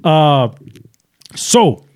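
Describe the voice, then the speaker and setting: A man's voice: fairly high pitch, sing-song, extremely slow, a little mellow. A man co-hosting a movie review podcast, retelling scenes in a rambling way with frequent fillers and laughs. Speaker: podcast co-host. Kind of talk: casual movie review chat.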